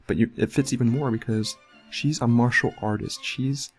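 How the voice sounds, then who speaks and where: Young man pitching his card emphatically. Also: fairly even intonation, normal speed, soft background music. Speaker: player. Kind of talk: casual game chat with friends.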